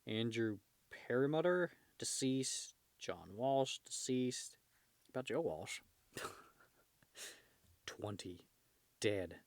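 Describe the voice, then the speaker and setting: A man casually reading a comic book aloud, stopping often to joke and laugh, and now and then shouting the characters' lines. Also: mid-range voice, lively intonation, drawn-out words, long pauses, no echo. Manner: reads panels aloud, breaking off to joke and laugh; shifts into loud shouted character voices for dialogue. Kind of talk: casual comic read-along with commentary.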